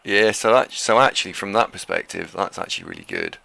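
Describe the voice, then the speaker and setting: Deep, gravelly man, laid-back and hesitant. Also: huge pitch swings, fairly quick, pushed and bright. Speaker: co-commentator. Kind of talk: casual game commentary.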